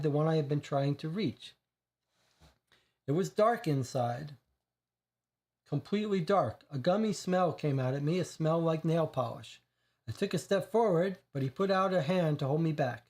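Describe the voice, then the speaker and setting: A man's voice: on the high side, lively intonation, normal speed, a little mellow. Man reading a crime story aloud. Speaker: game player reading aloud. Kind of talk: reading a crime dossier aloud, then casual commentary.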